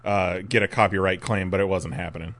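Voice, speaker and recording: Male comedy-podcast co-host, bright bantering voice, laughs easily, close and dry. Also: low-pitched, steady tone, quick pace, no echo. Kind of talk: casual comedic chat.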